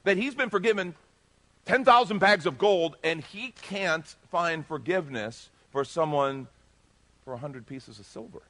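A male pastor preaching a sermon, emphatic and animated, swinging between loud bursts and hushed asides. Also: a little high, unhurried.

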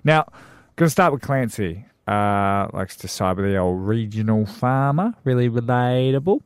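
A man's voice: medium pitch, lively intonation, normal speed, clean tone, no echo, studio quality. A man hosting a breakfast radio show, chatting loosely and rambling with restarts. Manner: rambling, restarts, reads comic strips aloud. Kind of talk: casual radio banter. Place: radio studio. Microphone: studio microphone.

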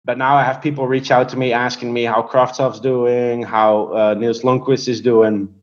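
A European hockey prospects analyst, appearing as a guest, speaks at normal speed in a level, medium-pitched voice on a lo-fi recording. He tells stories and breaks down players casually, hesitating often with lots of fillers and restarts.

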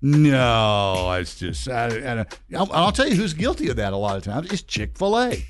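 A man's voice: mid-range voice, very animated, a little hiss or hum. A man hosting a radio show, joking and complaining playfully in casual banter. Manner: playful, drawn-out jokey complaints.

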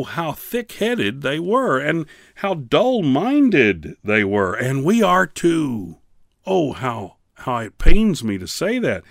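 Slow, fervent preaching man. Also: medium pitch, creaky, no echo, clean studio sound. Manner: fervent, pleading preaching with slow emphatic pauses. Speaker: radio Bible teacher. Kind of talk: radio sermon.

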